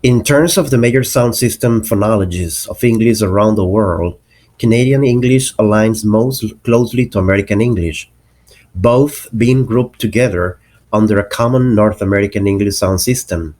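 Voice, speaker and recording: A man narrating a lesson on English accents, explaining slowly and deliberately and spelling out example words. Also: on the low side, a little mellow.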